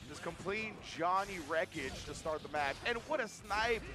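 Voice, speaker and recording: Excitable high-voiced esports caster. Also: male voice, normal speed. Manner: excitable, hype-driven, joking with co-caster. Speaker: fighting game commentator. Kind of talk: esports play-by-play commentary.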